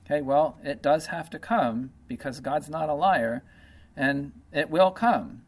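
A man's voice: fairly high pitch, unhurried. A man preaching a sermon in a conversational way, reading scripture and explaining it with lots of "okay" and "you know".

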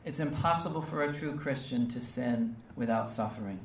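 A man's voice: mid-range voice, moderate pace, a little hiss or hum. Earnest male preacher in a roomy space. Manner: earnest, emphatic, with frequent rhetorical "right?" and "okay?" tags. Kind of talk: sermon. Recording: roomy, distant mic with faint ambience.

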